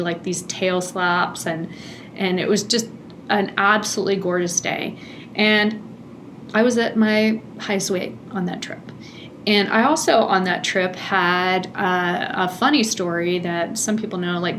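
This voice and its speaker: A middle-aged woman hosting a podcast, telling a personal story in an animated, chatty way with frequent laughter. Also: mid-range voice, a little hiss or hum. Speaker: podcast host.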